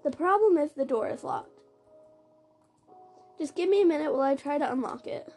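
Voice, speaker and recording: A woman giving live commentary on her own game play, excitable and gasping as she reacts. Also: high voice, normal speed, soft background music. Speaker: gamer narrating her play.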